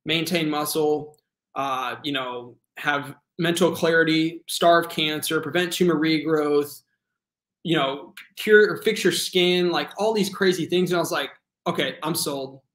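A man's voice: fairly high pitch, a little slow. Earnest young man in an echoey room. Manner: earnest, filler-heavy, animated retelling. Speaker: guest. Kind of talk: casual storytelling interview. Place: home room.

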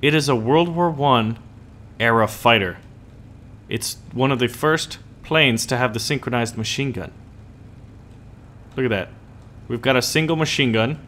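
Gaming host, male, bright voice, light and joking, commenting over flight gameplay. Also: medium pitch, unhurried, pauses often, a little hiss or hum. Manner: upbeat and joking.

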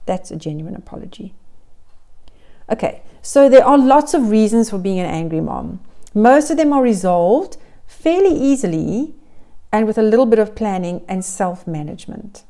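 A woman's voice: mid-range voice, expressive, normal speed, mellow. A middle-aged woman giving earnest, encouraging parenting advice straight to camera, often repeating phrases in lists. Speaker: parenting coach. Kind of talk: direct-to-camera advice vlog.

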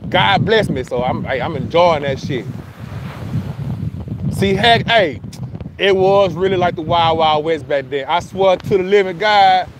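A man's voice: high-pitched, measured pace, noisy background. A middle-aged man hosting a casual outdoor livestream, talking loosely and profanely, laughing often and answering comments. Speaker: livestream host. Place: outdoors at a beach.

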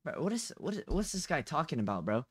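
Speaking quickly with a breathy edge and big pitch swings in a mid-range voice, a streamer chats casually to their livestream audience. The setup is a home one with a close condenser desk mic and no room sound; the talk is restless, full of questions, and heavy on "bro" and "dude."

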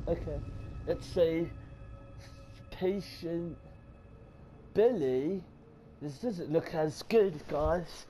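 Over loud game noise, a gamer panics and swears his way through a horror game let's play while talking to his viewers. His voice is fairly high-pitched, and he speaks slowly with frequent pauses.

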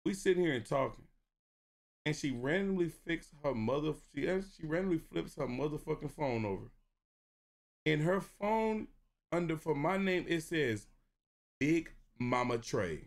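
A man streaming a casual movie reaction, telling stories in an animated, profane, laughing way. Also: fairly high pitch, moderate pace.

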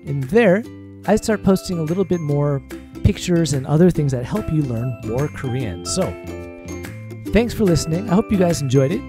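A man teaching a podcast language lesson, repeating phrases slowly and then faster for drilling, in a relaxed, casual way with many fillers. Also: on the high side, music in the background.

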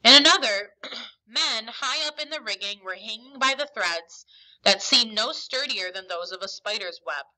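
A woman teacher reading a novel aloud to a class in an expressive, emphatic storytelling manner. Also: fairly high pitch, normal speed, poor audio.

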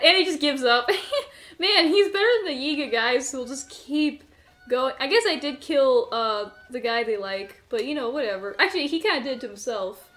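A woman with a high, fairly bright voice runs a let's-play on her own gaming channel. She chats casually and nervously as the game goes on. Laughter comes easily, and she talks to her character as she plays.

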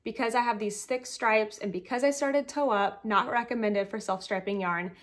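A woman's voice: medium pitch, normal speed. A woman hosting a knitting podcast, chatting casually and rambling with giggly asides while showing her projects, in a groggy morning voice.

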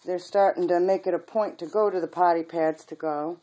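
A woman breeder talking casually about her puppies, often cooing to them in soft baby talk. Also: lowish voice, fairly even intonation, brisk. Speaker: dog breeder. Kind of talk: casual video chat with puppies.

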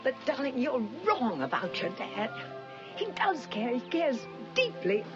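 A gentle, devoted elderly wife speaks with real affection. Her voice moves in wide, lively swings. The recording is muffled film trailer audio with music underneath. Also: high voice, a little slow. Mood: tender. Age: older.

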